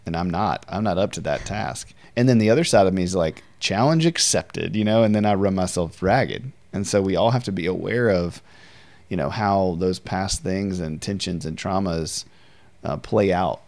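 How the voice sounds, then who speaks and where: A man with a very low, deep voice hosts a relaxed conversation about faith. He speaks earnestly and thoughtfully, sometimes picking up energy as he makes a point. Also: normal speed. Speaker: podcast host.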